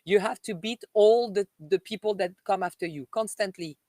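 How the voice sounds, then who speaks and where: This French-accented woman from Paris runs a casual live stream, chatty and fond of her viewers, whom she often calls "dear" between laughs. Her mid-range voice has a dark tone and a moderate pace, with no echo.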